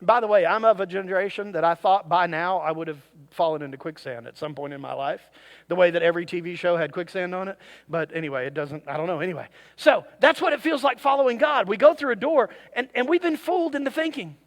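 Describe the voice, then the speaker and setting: A pastor preaching a sermon to his congregation, with animated delivery and jokey asides to the crowd. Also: high voice, fast. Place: church service.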